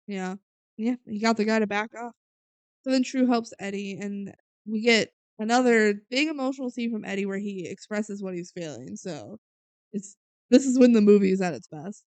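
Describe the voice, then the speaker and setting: A woman's voice: medium pitch, moderate pace, smooth, dry recording. A woman co-hosting a podcast, casually recapping a movie scene by scene, with fillers and a habit of trailing off. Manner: retells scenes with filler words, often trails off quietly. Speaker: podcast co-host.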